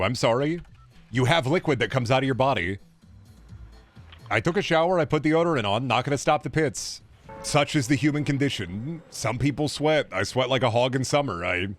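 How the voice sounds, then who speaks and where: A young man streaming games, chatting casually with sarcastic, profane rants. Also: mid-range voice. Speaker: gaming streamer.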